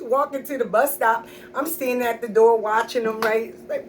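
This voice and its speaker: A woman's voice: on the high side, normal speed, few pauses, recorded from a distance, a little hiss or hum, rough recording. A middle-aged woman comedian telling stories about her kids in a sassy, blunt, profane way. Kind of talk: stand-up storytelling.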